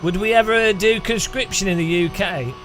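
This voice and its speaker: A man's voice: sits high, moderate pace, fairly bright tone, faint music behind. A man streaming a sim racing session, chatting in a rambling, jokey way and often breaking into laughter. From United Kingdom. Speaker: gaming streamer. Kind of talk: casual chat while sim racing.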